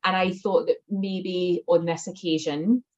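A woman's voice: fairly low pitch, fairly even intonation, a little slow, darkish tone. A woman co-hosting a casual sports chat, jokey and self-mocking. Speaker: podcast co-host. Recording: slightly dull lo-fi audio.

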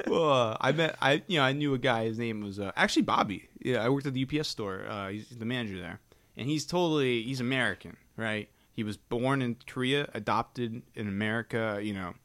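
A man's voice: mid-range voice, brisk, fairly bright tone. A man co-hosting a podcast in loose casual chat, laughing often and joking crudely. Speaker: podcast co-host.

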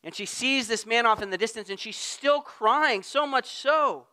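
A man preaching a sermon in a conversational way, at times getting loud and at times dropping to a hush. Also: very high-pitched, normal speed. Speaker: pastor.

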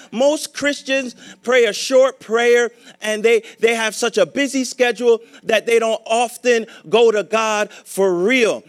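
A man's voice: extremely high pitch, a bit bright, low-quality recording. A middle-aged male pastor preaching a sermon in a conversational way, acting out quoted speech and building to emphatic repetition.

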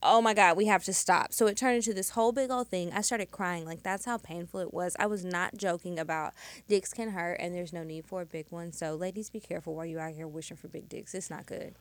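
A woman's voice: lowish voice, steady tone, fairly quick. A woman co-hosting a casual podcast, talking candidly and dropping her voice for emphasis. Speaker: podcast co-host. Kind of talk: casual storytelling chat.

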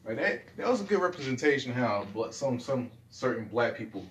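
A young man, rambling casually and profanely in a low-key, self-deprecating way. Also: very animated, brisk, fairly bright tone, slight background noise. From Southern United States. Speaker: vlogger.

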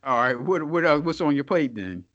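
A man's voice: a little high, expressive, moderate pace, fairly bright tone. A man cohosting a podcast in a laid-back, casual way, asking his partner questions. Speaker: podcast co-host. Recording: slightly muffled audio.

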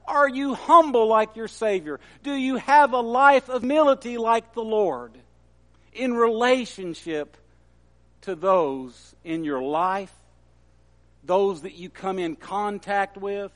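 A man's voice: high-pitched, takes it slowly. A man preaching a sermon in an earnest, emphatic way that builds at times.

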